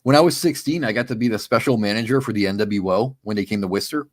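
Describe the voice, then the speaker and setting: A man, a guest on a casual livestream chat, telling excitable stories and calling people dude. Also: on the low side, fast, no room sound, studio quality. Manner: excitable storyteller, says dude a lot.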